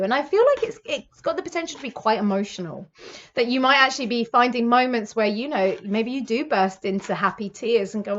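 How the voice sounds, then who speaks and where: A woman from the UK in her thirties, giving a monthly tarot reading to camera in a warm, effusive and reassuring way, with plenty of fillers. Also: a little high, animated, brisk. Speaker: psychic tarot reader. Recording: slightly dull, lo-fi sound.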